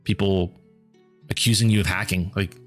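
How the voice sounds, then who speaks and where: A man streaming a game and chatting casually with viewers, rambling and repeating words as he thinks aloud, his voice going hoarse. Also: low-pitched, fairly even intonation, normal speed, soft background music. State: losing his voice.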